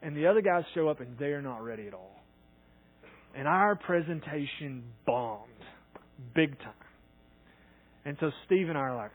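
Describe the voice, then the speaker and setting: A man preaching a sermon as a pastor, earnest, acting out quoted dialogue and swinging between loud and soft. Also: fairly high pitch, animated, moderate pace, pauses often, slightly rough. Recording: tinny phone-like sound.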